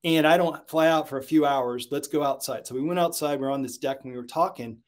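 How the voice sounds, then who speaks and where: Guy on a sales podcast telling stories, kinda high voice, gets loud n excited. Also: fast. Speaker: sales consultant and author, guest. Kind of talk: podcast interview, storytelling.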